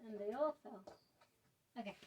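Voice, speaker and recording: A woman's voice: fairly high pitch, moderate pace, lo-fi sound, background noise. Chatty young woman tarot reader. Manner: chatty and informal, with frequent laughs and fillers. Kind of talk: casual tarot reading to camera.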